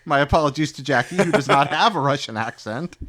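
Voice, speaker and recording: A man hosting a podcast, asking quick questions with animated reactions and rambling a little when he answers. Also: fairly high pitch, dry recording. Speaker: podcast host. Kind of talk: casual interview chat.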